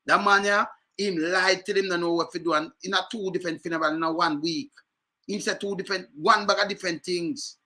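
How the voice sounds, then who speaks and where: A man chatting casually in patois, telling animated stories with lively jumps in pitch. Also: brisk. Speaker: speaker in a reggae scene video.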